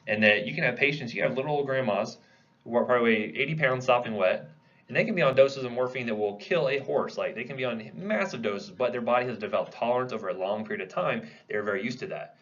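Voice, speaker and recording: A man's voice: medium pitch, quick pace, muffled recording. A man giving a classroom lecture in a conversational way, posing questions to the class and answering them himself. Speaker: pharmacology lecturer.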